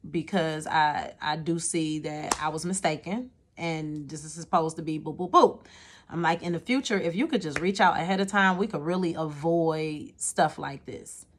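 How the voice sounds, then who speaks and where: Speaking in a low voice at a moderate pace, a woman recounts something from her own life to her viewers, sounding exasperated but casual. She frequently repeats words and asks "okay?" along the way.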